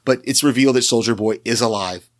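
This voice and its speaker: Talking fast at a medium pitch, this man co-hosts a podcast and casually recaps a TV episode. His delivery rambles, with frequent restarts and plenty of fillers.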